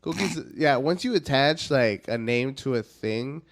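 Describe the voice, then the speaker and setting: Profane storytelling man, animated pitch. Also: measured pace. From South Texas. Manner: profane storyteller, acts out shrill quoted voices. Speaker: comedian guest. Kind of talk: casual podcast chat.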